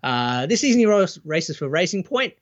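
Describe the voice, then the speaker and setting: A man co-hosting a podcast in joking casual chat, his voice a little high and very lively in pitch. He often restarts his sentences. The sound is dull and lo-fi. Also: normal speed. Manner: animated, joking, restarts a lot. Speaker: podcast co-host.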